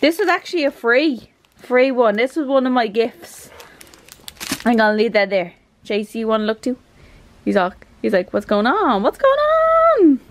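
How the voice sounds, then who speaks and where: A woman with an Irish accent vlogging an unboxing at home, rambling and gushing with excitement. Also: on the high side, moderate pace. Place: her apartment.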